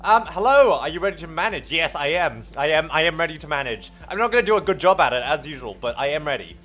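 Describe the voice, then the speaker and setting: An Australian man hosting a live stream, talking with his chat in a playful, exclaiming way and swearing freely. His voice sits high and swings widely in pitch. Faint music plays quietly behind him. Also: expressive, fast talker. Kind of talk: casual livestream chat with viewers.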